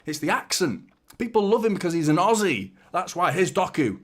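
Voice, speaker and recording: A man hosting a live football watchalong, chatting and joking with viewers and getting excited during attacks. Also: high-pitched, brisk. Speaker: fan channel host. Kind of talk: live match watchalong commentary and chat.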